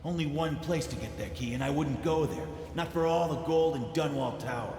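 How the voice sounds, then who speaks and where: An actor playing a rough, frightened gang member who speaks in street-style slang. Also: male voice, fairly high pitch, a little fast, darkish tone, long reverb tail, faint music behind, close to an everyday voice. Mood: weary.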